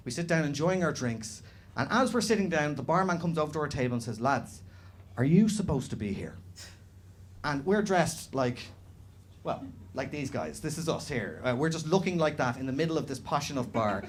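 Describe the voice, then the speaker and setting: A young Dublin man with a Dublin Irish accent, doing animated, sweary, self-mocking stand-up storytelling live on stage. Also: medium pitch, a little hiss or hum. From Dublin, Ireland. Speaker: stand-up comedian. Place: comedy club stage, live audience. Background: faint room ambience, audience laughter.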